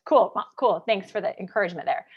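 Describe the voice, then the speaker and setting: A woman in her thirties from Kansas, chatting animatedly on a livestream, full of "like" and quick asides as she tells a personal story. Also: mid-range voice, breathy edge, highs cut off. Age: 30s. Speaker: business coach.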